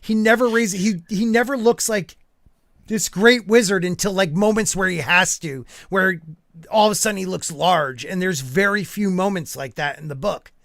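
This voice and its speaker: Chatty high-voiced male podcast host. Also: normal speed, fairly bright tone, dry recording, studio quality. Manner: loose and chatty, with many fillers and asides. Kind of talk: casual podcast chat.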